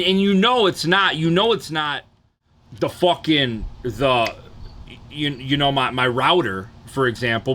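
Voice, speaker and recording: Animated, profane man. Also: on the high side. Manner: animated, profane, repeats "you know what I'm saying". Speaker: livestreamer. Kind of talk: casual livestream rant.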